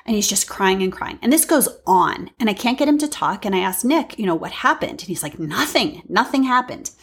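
A woman in her forties hosts a reflective monologue. Her voice is husky and breathy at a middle pitch. She talks frankly and earnestly, weaving in casual storytelling asides. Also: sing-song, brisk. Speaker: podcast host.

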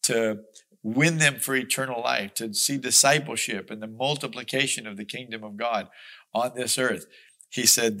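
A man's voice: medium pitch, moderate pace, sharp tone. A man teaching a Bible study, reading scripture aloud and explaining it in an earnest, emphatic, conversational way. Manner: conversational asides with small restarts.

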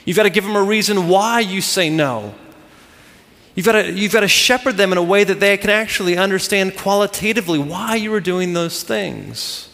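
A man's voice: high-pitched, normal speed, creaky, a bit bright, big-room sound. A man preaching a sermon to a congregation, driving his points home with emphatic repeated phrases. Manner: emphatic, repetitive preaching cadence. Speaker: pastor.

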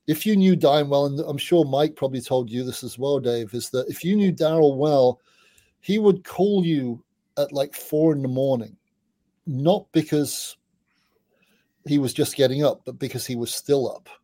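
A middle-aged man, a music journalist, telling rambling, animated anecdotes with casual swearing as an interview guest. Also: mid-range voice, normal speed, no echo.

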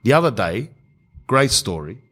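A man, telling a comic story in casual podcast chat, animated and swearing freely. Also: normal speed, breathy edge. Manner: animated, mimics people with higher voices, swears casually.

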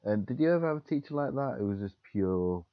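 A young man co-hosting a casual chat, telling animated stories and acting out quotes. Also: medium pitch, quick pace, dry recording, dull audio. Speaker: podcast co-host.

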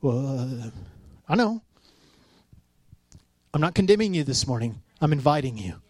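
A man's voice: medium pitch, unhurried, no echo. A man in his thirties preaching a casual, conversational sermon, telling stories and acting out the quotes. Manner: storytelling, animated, acts out quotes. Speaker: pastor.

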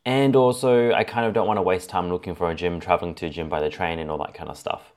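Brief: low-voiced male fitness coach, chatty solo podcast delivery, sorts his advice into numbered points. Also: steady tone, quick pace, darkish tone. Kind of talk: casual solo podcast talk.

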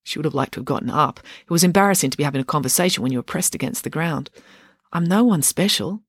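Author reading aloud, expressive, husky, dry home office. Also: medium pitch, very fast, no echo. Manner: expressive reading, chatty sign-off. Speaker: author reading own book. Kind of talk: audiobook-style reading. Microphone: home setup.

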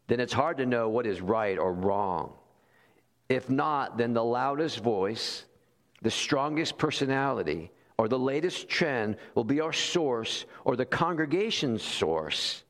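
A man's voice: mid-range voice, animated, a little slow. A man preaching a sermon, telling stories animatedly and acting out quoted voices. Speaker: pastor. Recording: long hall reverb.

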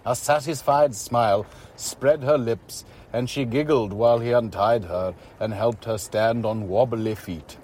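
A man reading a story aloud as scripted narration, in a steady, even way. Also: medium pitch, measured pace, few pauses, a little hiss or hum.

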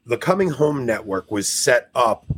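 A man's voice: mid-range voice, sing-song, a little slow, slight background noise. A man hosting a podcast in casual chat, rambling and laughing at himself. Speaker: podcast host.

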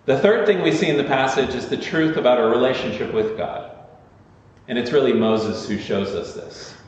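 A man's voice: mid-range voice, normal speed, a little hiss or hum. A male pastor giving a sermon, earnest and conversational, with emphatic repetition. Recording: echoey church hall, slightly dull sound.

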